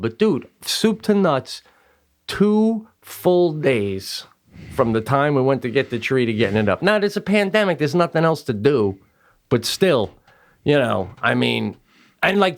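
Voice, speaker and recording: A man co-hosting a podcast, telling a long, rambling family story with lots of fillers and swearing, and jumping up into loud voices when he acts out quotes. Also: mid-range voice. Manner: animated, raises voice sharply when acting out quotes. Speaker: podcast co-host. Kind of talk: casual storytelling chat.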